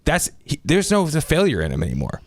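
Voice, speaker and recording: A man's voice: a little high, wildly swooping pitch, brisk, dry recording, studio quality. A man hosting a casual podcast discussion, talking in an emphatic, motivational, preachy way. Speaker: podcast host.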